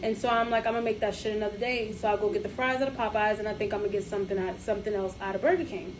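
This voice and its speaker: A woman, co-hosting a podcast, telling a story in casual chat and acting out both sides of it, animated and profane. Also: mid-range voice, racing, noisy background. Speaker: podcast co-host.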